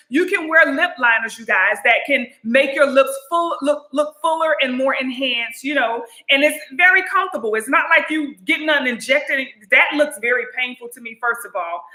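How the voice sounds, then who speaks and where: A woman's voice: high voice, bright, forceful tone, roomy sound. A woman vlogger in casual chat to camera, sassy and chatty, calling viewers honey and you guys. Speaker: beauty and lifestyle vlogger.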